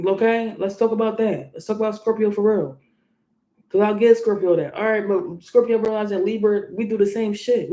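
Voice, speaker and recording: A woman's voice: on the low side, warm tone, reverberant. A woman tarot reader giving a blunt, profane, scolding reading from home.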